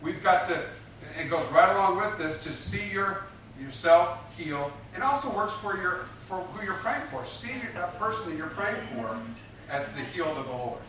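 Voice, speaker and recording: A man's voice: high-pitched, expressive, moderate pace, a bit bright, a little hiss or hum. A man preaching a sermon, emphatic and repetitive, drawing responses from his congregation. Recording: echoey room picked up from a distance.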